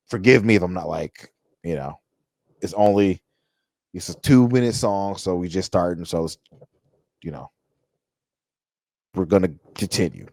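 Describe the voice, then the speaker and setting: Deep-voiced man reacting to a song. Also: darkish tone, no room sound. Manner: loose and chatty, with many restarts and hype phrases; talks straight to the viewers. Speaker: music reaction host. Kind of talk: casual music reaction commentary.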